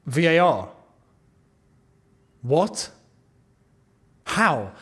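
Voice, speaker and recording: A man calls a football match live as he watches it, his voice sitting high and leaping all over the place. He drifts between low mutters and shouts whenever the game turns. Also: normal speed. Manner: excitable, swings between muttering and shouting at goals.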